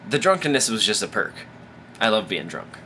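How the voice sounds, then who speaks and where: A man's voice: fairly low pitch, big pitch swings, fairly quick, sharp tone, slight background noise. A man hosting his own advice vlog, telling a rambling, profane story while drunk. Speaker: vlogger, host of his own show.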